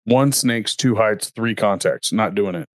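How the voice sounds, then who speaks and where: A man with a low voice co-hosts a casual podcast chat, rambling and restarting his sentences as he goes. The sound is close and dry, with no room around it. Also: measured pace, no echo. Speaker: podcast co-host.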